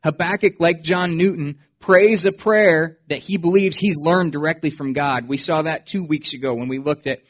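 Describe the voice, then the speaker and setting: A man preaching a sermon to his church as pastor, earnest and expressive. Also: a little high, moderate pace, few pauses. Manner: earnest, expressive preaching with dramatic quoted voices.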